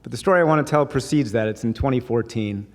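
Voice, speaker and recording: A man's voice: mid-range voice, fast. A man giving a conversational, anecdotal speech at a dinner, slipping humor into his stories. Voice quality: voices others in quoted bits. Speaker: speaker at a dinner. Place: large hall. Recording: long hall reverb.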